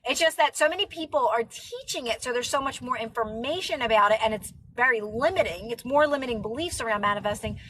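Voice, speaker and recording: Brief: chatty woman live streamer, high pitch, bright rambling talk. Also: lively intonation, quick pace, hardly any pauses, slight background noise, poor audio. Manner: chatty, rambling with many fillers. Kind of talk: casual live stream chat.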